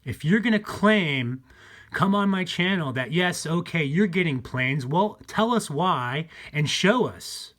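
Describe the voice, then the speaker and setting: Halting, rambling man. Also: on the high side, expressive, a bit bright. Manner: repetitive, halting, addresses viewers as folks. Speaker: conspiracy channel host. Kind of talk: rambling monologue to viewers.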